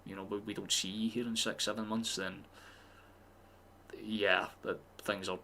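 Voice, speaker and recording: A man's voice: lowish voice, flat delivery, a little slow, pushed and bright, slight background noise. A man streaming a live football watchalong, chatting casually and swearing freely as he reacts to the match.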